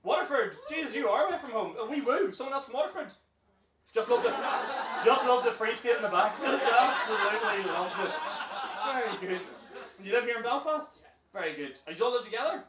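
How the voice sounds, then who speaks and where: A man's voice: very high voice, lively intonation, a little fast, heavy background noise. A man with a Northern Irish accent hosting a comedy club night, teasing the front row with brash, sweary crowd work and laughing often. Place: comedy club stage, indoors. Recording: roomy live club sound from far off with loud audience. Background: audience laughing and cheering.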